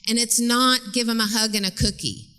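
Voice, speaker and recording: A middle-aged woman gives a chatty, animated talk in a church, telling stories, acting out voices and laughing often. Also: on the high side, moderate pace, clear, resonant tone. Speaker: guest speaker and parenting teacher. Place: church sanctuary stage. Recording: long reverb in a large church.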